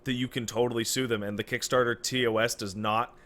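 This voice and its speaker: A man co-hosting a casual podcast in a bright, forceful voice. He talks emphatically, pushing his points hard and swearing freely as he goes. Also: medium pitch, little pitch movement, quick pace. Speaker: podcast co-host.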